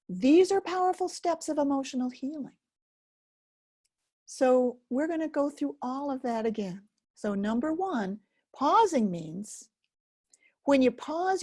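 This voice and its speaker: A woman teaching an emotional healing method, speaking gently with long pauses. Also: on the high side, husky. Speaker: focusing teacher. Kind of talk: guided self-help teaching.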